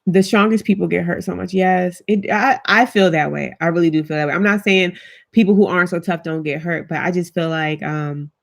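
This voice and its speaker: A woman's voice: lowish voice, steady tone, a little fast, gravelly. Chatty heartfelt woman vlogger. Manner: chatty and heartfelt, talks straight to viewers; African American Vernacular English speech. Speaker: vlogger hosting a live chat. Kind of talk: casual live-stream chat reading comments.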